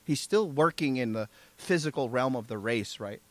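A man's voice: mid-range voice, animated, moderate pace, fairly bright tone. A man preaching a sermon as pastor, emphatic, often asking the congregation "right?" and "amen?".

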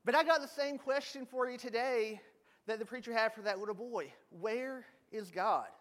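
High-voiced male pastor, casual storytelling sermon delivery. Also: normal speed, a bit bright. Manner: storytelling, joking with the congregation.

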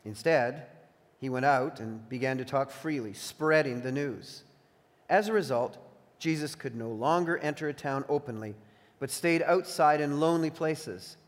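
Preacher in a reverberant church hall. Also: male voice, mid-range voice, expressive. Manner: reads scripture aloud with slow, emphatic pauses. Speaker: pastor. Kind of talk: sermon with scripture reading. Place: church sanctuary.

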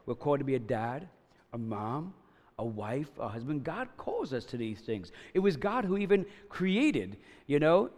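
A fifty-something man preaching from the pulpit, his voice sitting a little high for a man. He talks in a loose, conversational way and keeps checking in with his listeners. A long reverb from a large church hall trails behind every word. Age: 50s. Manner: conversational storytelling, frequent "right?" and "you know?". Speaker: pastor. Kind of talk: sermon.

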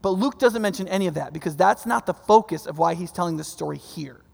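Guy pastor preaching, high-ish voice with a gravelly edge, lots of "right?", big echoey hall. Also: fast talker. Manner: conversational preaching, frequent "right?" asides. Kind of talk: sermon.

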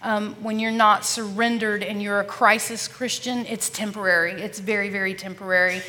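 A woman earnestly sharing her personal faith testimony as a podcast guest, often dropping to a soft, hushed voice and calling listeners y'all. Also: medium pitch, little pitch movement, moderate pace, big-room sound.

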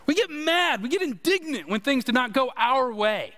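A man's voice: very high-pitched, moderate pace. A man preaching a sermon, emphatic and speaking straight to his listeners as a pastor. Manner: animated, emphatic preaching with direct address. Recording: reverberant hall.

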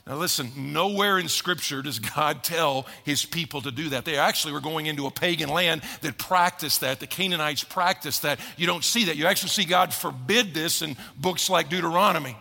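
A man preaches a sermon in a conversational way, slowing down to press his points. His voice sits high for a man, bright and gravelly. The sound carries a long reverb from the church sanctuary. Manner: conversational preaching with emphatic slowdowns. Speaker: pastor. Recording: echoey hall reverb.

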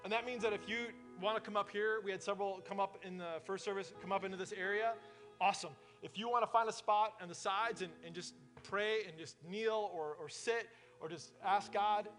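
A man's voice: high voice, fairly bright tone. A man preaching a sermon in a casual, conversational way, full of fillers, in a church service held in a warehouse. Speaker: pastor.

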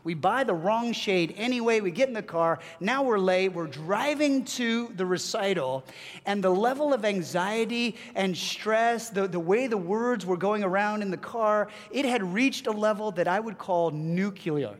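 A middle-aged man preaching a sermon, telling a family story with halting restarts and joking asides. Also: sits high. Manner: animated storytelling with self-deprecating asides. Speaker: pastor. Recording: long reverb of a large hall.

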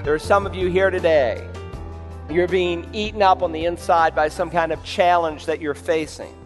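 High-voiced preaching pastor in a reverberant hall. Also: male voice, normal speed, soft background music. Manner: animated preaching, acting out quoted voices. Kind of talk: sermon. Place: church sanctuary.

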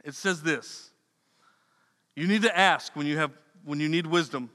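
A man's voice: a little high, measured pace, pushed and bright. A man preaching a sermon in a loose, conversational way, repeating words and dropping slangy asides. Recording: long reverb of a hall.

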